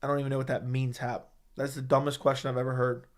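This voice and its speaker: A man's voice: medium pitch, flat delivery, quick pace. A man hosting a casual sports livestream from home, bluntly answering viewer questions into a studio mic. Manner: blunt, profane, dismissive of dumb questions. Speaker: MMA livestream host. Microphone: studio dynamic microphone.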